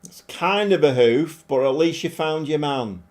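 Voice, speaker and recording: Animated man commentating a game. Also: fairly high pitch, unhurried. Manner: animated, shouts at players, laughs often. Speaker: game streamer. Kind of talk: live gameplay commentary.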